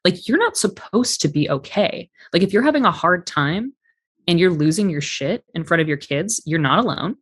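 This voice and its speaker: A man's voice: sits high, animated, normal speed, a bit bright, husky. A man guest on a podcast, speaking candidly and reflectively in casual conversation, with some swearing. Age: adult parent.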